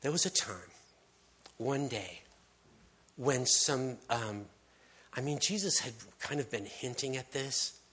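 A man giving a conversational sermon, telling stories with casual restarts and hushed emphasis. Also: medium pitch, animated, slow, long pauses, husky. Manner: casual, storytelling delivery with frequent restarts and dropped-to-hushed emphasis. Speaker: preacher.

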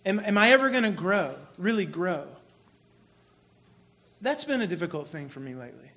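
A man preaching a sermon in a relaxed, conversational storytelling way, with sudden bursts of mock frustration. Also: sits high, normal speed, pauses often. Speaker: pastor.

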